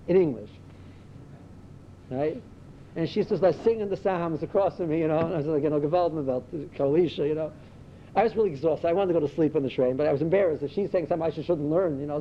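A man giving a Torah talk as a rabbi, telling stories full of Yiddish and Hebrew words and climbing to excited emphasis. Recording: dull lo-fi recording with faint rumble.

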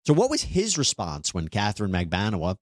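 A man hosting a legal news breakdown, narrating a trial with animated, incredulous rhetorical questions. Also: fairly low pitch, fairly quick, no echo, studio quality.

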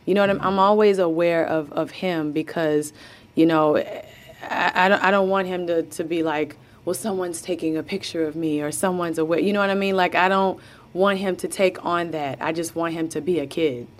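A woman being interviewed, with a slightly low voice, chatting easily about home life. She laughs a lot and slips into little voices when quoting others, in a relaxed conversational way. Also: moderate pace. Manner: laughs often, tells stories with quoted voices. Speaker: guest. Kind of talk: casual interview chat.

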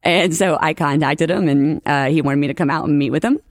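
A young woman from New Orleans, a podcast guest, telling lively stories in casual chat and acting out the lines of the people she quotes. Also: low-pitched, fairly quick, dry recording, studio quality. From New Orleans, USA. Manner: animated storyteller, acts out quotes, laughs often.

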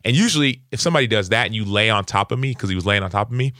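A young adult man, a football player, telling earnest, animated stories as a podcast guest. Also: fairly low pitch, rapid-fire, no echo, clean studio sound. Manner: earnest, animated, lively acted-out quotes. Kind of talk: conversational interview storytelling.

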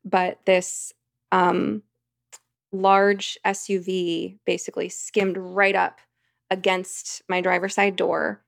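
A woman's voice: lowish voice, flat delivery, slow pace, creaky, no room sound, studio quality. A woman, a podcast guest, telling a long personal anecdote in a rambling, vivid conversational way. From United States. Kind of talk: storytelling in conversation.

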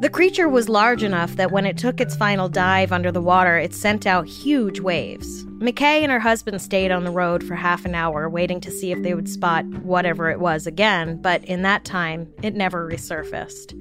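A woman's voice: on the low side, moderate pace, hardly any pauses, over music. Wry woman narrating spooky stories. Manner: wry, jokey asides. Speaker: podcast host. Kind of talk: scripted storytelling narration.

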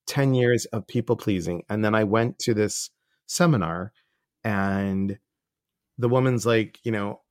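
Earnest low-voiced man hosting a podcast. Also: measured pace, no echo, studio quality. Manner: earnest, animated storyteller who acts out others' lines. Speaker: podcast host and life coach. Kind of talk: casual interview chat.

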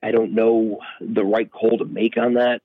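A man calling in, reflecting hesitantly with many pauses and fillers, heard over a phone line. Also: fairly low pitch, little pitch movement, no room sound. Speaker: guest on a call. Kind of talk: reflective remembrance.

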